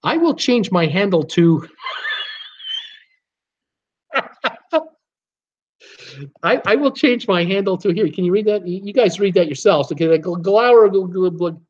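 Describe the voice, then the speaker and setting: A man's voice: sits high, fairly quick, few pauses, lo-fi sound. A man hosting a casual livestream, chatting and reading out viewer comments while stumbling over names. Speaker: livestream host.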